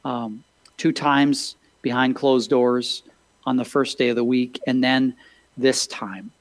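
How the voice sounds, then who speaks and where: Slow-speaking male preacher. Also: mid-range voice, dry recording, rough recording. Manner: unhurried, with filler "uh" and rhetorical questions. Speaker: pastor. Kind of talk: sermon with scripture reading.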